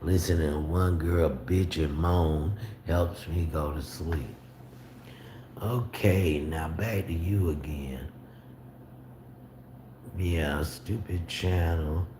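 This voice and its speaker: A man casually chatting on his livestream, reading out and answering viewer comments with a slow, drawling, sometimes indignant manner. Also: very deep voice. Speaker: livestream host. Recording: echoey room with noticeable background noise.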